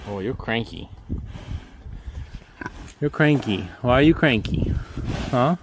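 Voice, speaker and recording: Man homesteader, doting baby-talk to pigs, very lively pitch, loud outdoor farm noise. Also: slow pace, pauses often. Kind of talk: casual vlog chat with animals.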